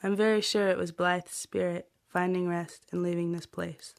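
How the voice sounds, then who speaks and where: Woman reading her journal aloud, flat and hushed, dry close sound. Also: on the low side, moderate pace, gravelly, no room sound.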